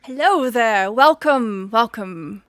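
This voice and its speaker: A woman voicing a warm, bustling orc woman who sells pies at a festival stall in a tabletop game. She greets people heartily and makes a sales pitch. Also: animated, takes it slowly, no room sound, clean studio sound. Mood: welcoming. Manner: hearty and welcoming.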